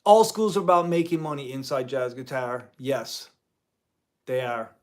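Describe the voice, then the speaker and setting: A man's voice: mid-range voice, animated, measured pace, a little mellow. A man hosting a guitar channel, talking casually and indignantly to the camera in a rambling way as a part-time music teacher.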